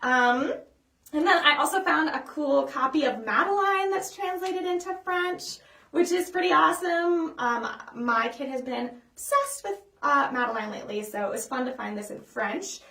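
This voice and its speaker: A woman leading a children's storytime as a librarian, chatty and upbeat, with frequent ums, sometimes singing simple songs slowly. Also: sits high, expressive, bright, forceful tone. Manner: sings simple songs slowly for kids to follow. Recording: echoey room, voice a bit far from the mic.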